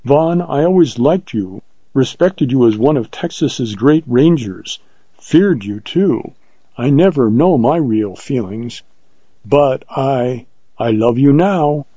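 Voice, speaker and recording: A male narrator voicing a proud, spirited young woman in a storybook reading, lifting his pitch into a lilting tone. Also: animated, takes it slowly, dark tone, slightly rough, no room sound, lo-fi sound. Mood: tender. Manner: raised, lilting pitch with a light tone.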